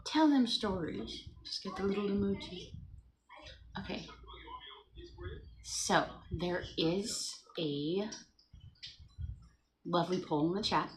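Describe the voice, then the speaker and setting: A woman's voice: lowish voice, slow pace, long pauses, slight background noise, poor audio. Chatty woman hosting a morning livestream. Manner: chatty and playful, greeting viewers by name. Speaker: livestream host. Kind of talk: casual morning livestream chat.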